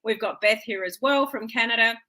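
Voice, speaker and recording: A woman hosts a live social media stream, her voice bright and clear, talking casually to her viewers. She is chatty and welcoming, greets people by name and checks in with a friendly "okay?". She sounds middle-aged and speaks as if into a webcam. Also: on the high side, brisk.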